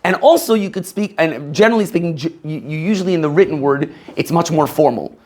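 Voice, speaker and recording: His voice is a little high and he talks quickly as he instructs a room of rabbinical students. The Maryland, USA teacher is animated and questioning, often breaking into laughter.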